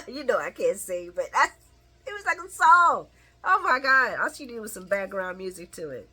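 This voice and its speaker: A woman casually recapping a soap opera episode, chatty and animated, laughing often as she retells scenes. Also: medium pitch, moderate pace.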